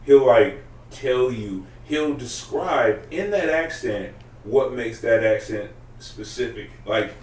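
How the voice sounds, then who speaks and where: A man's voice: mid-range voice, expressive, takes it slowly, darkish tone, far from the mic. A man chatting casually in a loose, profane, rambling way. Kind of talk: casual podcast chat. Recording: roomy, off-mic, faint room noise.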